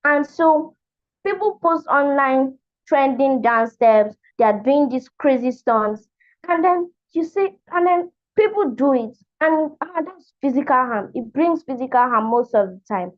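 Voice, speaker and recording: A woman's voice: high voice, animated, moderate pace, lo-fi sound. A woman facilitating an online class for girls, thinking aloud and searching for her words.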